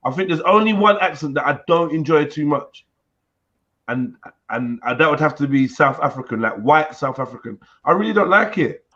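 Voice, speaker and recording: A young man hosts a casual panel stream, teasing the others loudly and laughing often. His voice sits a little high, and the audio comes through slightly muffled. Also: expressive, normal speed. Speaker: live stream host.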